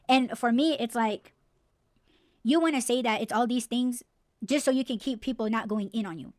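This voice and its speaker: A woman's voice: on the high side, moderate pace, long pauses, a little mellow, no room sound, studio quality. A woman hosting a podcast, ranting bluntly and swearing freely in a casual, heated way. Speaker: podcast host.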